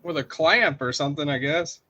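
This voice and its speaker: A man's voice: a little high, moderate pace, sharp tone, muffled recording. A laid-back man chatting casually on a livestream over a remote call, laughing easily and reading out chat comments. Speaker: livestream co-host.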